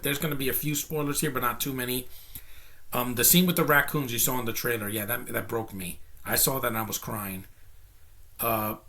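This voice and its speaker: A man talks through a film review in an offhand, unscripted way at an ordinary middle pitch. He is blunt and opinionated, and he rambles and doubles back as he rants about what he didn't like. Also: gravelly, pushed and bright. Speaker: movie reviewer. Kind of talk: casual spoken film review.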